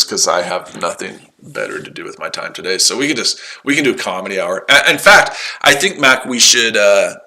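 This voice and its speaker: A man's voice: on the low side, sharp tone. A man in his forties talking casually on a livestream, combative and taunting, repeating himself. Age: 40s. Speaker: livestream host.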